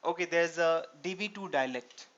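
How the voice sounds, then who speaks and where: In a dull, lo-fi screen recording, a man gives a programming tutorial lecture at normal speed. His fairly high voice has a fairly bright tone, and he walks through each step while asking himself rhetorical questions.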